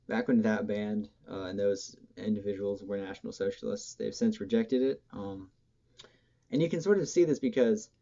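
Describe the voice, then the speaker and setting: A man's voice: fairly low pitch, warm tone, lo-fi sound. A man giving a casual, rambling monologue as a music commentator, hesitant and full of ums, often correcting himself mid-sentence.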